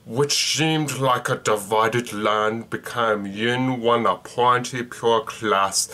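A young man reading a made-up legend in a slow, mock-solemn storybook narrator voice. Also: medium pitch, fairly even intonation, sharp tone. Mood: mock-epic. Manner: slow, grand, drawn-out reading.

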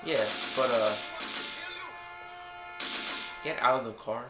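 A man's voice: mid-range voice, slow pace. A young man giving casual, profane gameplay commentary, swearing and rambling as he plays. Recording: echoey room with game music behind.

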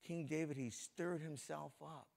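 A middle-aged man preaching a lively, folksy sermon as a pastor, joking with the congregation and swinging between soft and loud. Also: on the high side, a little slow, gravelly. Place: church sanctuary before a congregation.

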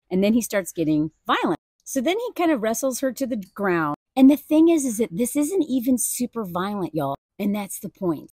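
A woman's voice: fairly high pitch, big pitch swings, moderate pace, few pauses, warm tone, husky, no room sound, clean studio sound. A woman talking earnestly and emotionally in a personal video commentary, speaking casually and addressing viewers directly. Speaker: video creator.

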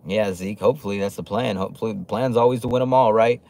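Speaking quickly in a lowish, mellow voice, a man hosts an easygoing livestream. He reads chat comments aloud in loose, profane language, with plenty of fillers, restarts and laughter.

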